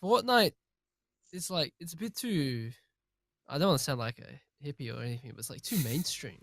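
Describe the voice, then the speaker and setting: A man's voice: fairly high pitch, animated, moderate pace, creaky, fairly bright tone, dry recording, studio quality. A young man in casual podcast chat, ranting animatedly and swearing often. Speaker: podcast co-host.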